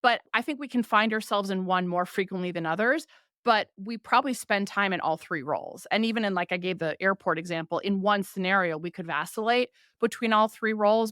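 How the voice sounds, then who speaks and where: A podcast host who is a woman talks through ideas in a smooth, medium-pitched voice. She is animated and slips into quoted complaints to make her points. The sound is close and dry, with no room around it. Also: normal speed, dry recording. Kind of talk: explanatory conversational talk.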